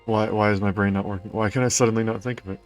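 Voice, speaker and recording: A low-voiced man narrates his own gameplay for a stream. He talks to himself in a puzzled, self-mocking way. Faint game music runs underneath. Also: steady tone, rapid-fire. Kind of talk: let's-play commentary.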